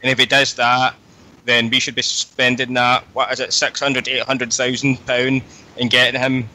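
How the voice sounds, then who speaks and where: A man's voice: medium pitch, monotone, normal speed, sharp tone, a little hiss or hum, low-quality recording. A man on a phone-in, enthusiastic and saying mate constantly, with many ums. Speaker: caller. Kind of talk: casual phone-in chat.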